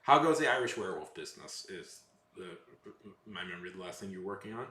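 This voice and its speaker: Speaking fast and expressively, a deep-voiced man with a pushed, bright tone chats casually with his livestream's live chat. He wanders from point to point, corrects himself, and drops sarcastic asides, all with a roomy echo on the audio.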